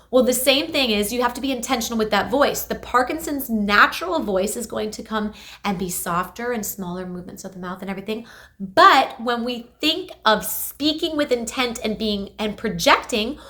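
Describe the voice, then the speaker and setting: A woman speech therapist talks through exercises for patients, energetic and emphatic. Her voice sits a touch high and sounds bright and forceful. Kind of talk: instructional health video.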